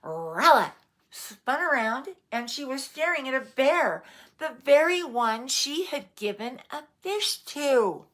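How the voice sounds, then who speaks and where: A woman reading a picture book aloud at a slow, unhurried pace. She stops now and then to ask her young listeners playful questions. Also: sits high, sing-song, fairly bright tone. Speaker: storyteller. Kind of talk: read-aloud storytime for children.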